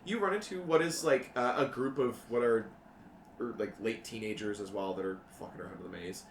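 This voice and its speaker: A man's voice: mid-range voice, brisk, a little hiss or hum. A man narrating a tabletop game as game master. He rambles casually and swears. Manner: rambling, laughing, profane asides. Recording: echoey room, mic at a distance.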